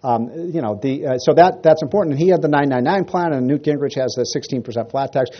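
A man gives a casual, rambling political talk to a crowd, telling jokes and stories as an animated storyteller who restarts his sentences. His voice is mid-range and quick, and the audio is dull.

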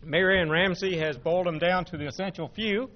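A man's voice: sits high, a little hiss or hum. An older man thanking the speaker and introducing questions politely, with small hesitations. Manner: polite, halting with uhs. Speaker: club host. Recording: dull lo-fi audio.

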